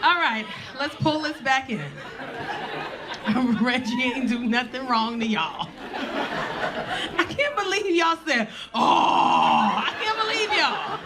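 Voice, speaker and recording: Brassy comedian woman working the crowd. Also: high voice. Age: 40s. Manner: brassy, blunt, cursing, talks straight to the audience. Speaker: stand-up comedian. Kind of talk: stand-up crowd work. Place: comedy club stage with a live audience. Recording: live club sound with crowd laughter and noise.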